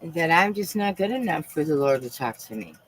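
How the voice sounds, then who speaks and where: A woman's voice: sits low, big pitch swings, brisk, a little hiss or hum, rough recording. A woman hosting a live stream, talking in a rambling, profane and fervent way. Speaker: livestream host.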